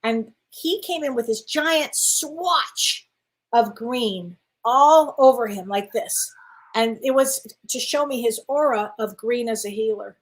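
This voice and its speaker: A woman guest tells her story in casual chat, an animated storyteller who acts out voices and laughs often. Her voice is fairly high and her pace slow.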